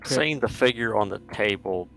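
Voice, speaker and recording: Low-voiced man declaring player actions. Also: lively intonation, moderate pace, gravelly, a bit bright, soft background music. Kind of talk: casual tabletop play.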